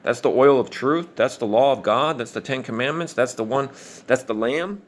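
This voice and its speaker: A man delivering an angry, profane monologue rant in a combative, preachy manner. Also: medium pitch. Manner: fast, insistent delivery. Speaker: online commentator.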